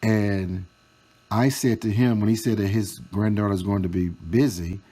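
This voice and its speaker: A man telling a storytime vlog, reading out chat screenshots in a slow, mocking, profane way. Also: on the low side, steady tone, dark tone. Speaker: storytime vlogger.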